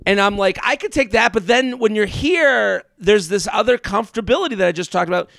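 A man's voice: high voice, brisk, creaky, a bit bright, no echo, clean studio sound. A man and comedian chatting on a podcast, telling stories with stumbling restarts and playful mimicked voices. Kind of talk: casual podcast chat.

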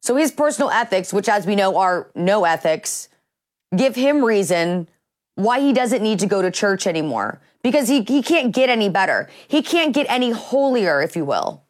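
A woman of middle pitch hosting a morning talk show. She leads the banter at a steady pace and sets up each new topic with an "uh". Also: moderate pace.

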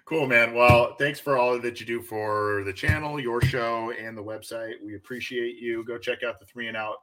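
A man's voice: mid-range voice, steady tone, normal speed, bright, forceful tone. A man hosting a casual sports podcast, talking in a chatty, conversational way with plenty of fillers. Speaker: podcast host.

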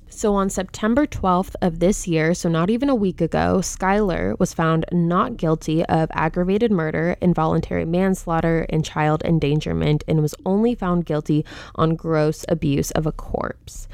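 A woman's voice: on the low side, moderate pace, vocal fry, darkish tone, clear, resonant tone, no echo. A woman hosting a true crime podcast who speaks outspokenly and with indignation, openly stating her own opinion, close to the microphone. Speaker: podcast host.

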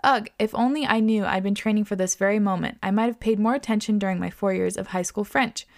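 A woman hosting a podcast, reading listener stories aloud in an expressive way, swearing and laughing often. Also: medium pitch, quick pace, gravelly. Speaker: podcast host.

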